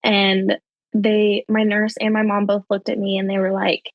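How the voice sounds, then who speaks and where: A young adult woman, a podcast guest telling her personal story in a chatty way, full of fillers, her voice jumping higher when she quotes people. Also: monotone, moderate pace, dry recording, dull audio. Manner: chatty, heavy with fillers like um and you know.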